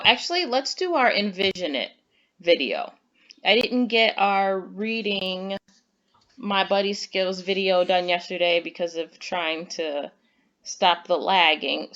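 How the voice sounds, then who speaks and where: A woman with a lowish, fairly bright voice, recorded with the highs cut off, teaches an online lesson to young children. She is patient and encouraging, reading example sentences aloud with exaggerated emphasis.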